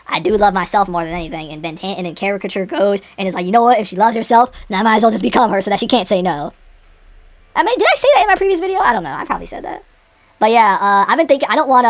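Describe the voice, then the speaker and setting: A young adult woman vlogging in an unscripted casual chat, rambling with many fillers and restarts and sudden excited jumps in pitch.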